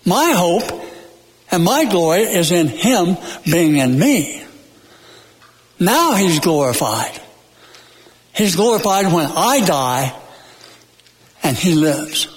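A man preaching a sermon in a church, emphatic and folksy, repeating phrases with dramatic pauses and joking now and then. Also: sits high, very animated. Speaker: pastor. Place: church sanctuary. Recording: long hall reverb.

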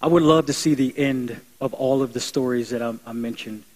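A man's voice: medium pitch, brisk, darkish tone, rough recording. Man, young adult, pastor, earnest conversational sermon, builds to emphatic peaks.

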